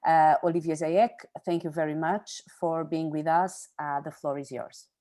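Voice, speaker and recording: A woman from Portugal, moderating a conference panel in a halting way with many fillers. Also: low-pitched, steady tone, warm tone.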